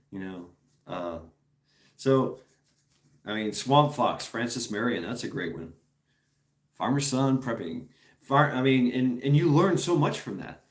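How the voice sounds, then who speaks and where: A man's voice: mid-range voice, sing-song, slow, pauses often. Guy rambling to his chat, swears a lot, keeps laughing, voice bouncing around a roomy space. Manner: rambling, profane, laughs often. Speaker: streamer host. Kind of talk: casual chat with viewers.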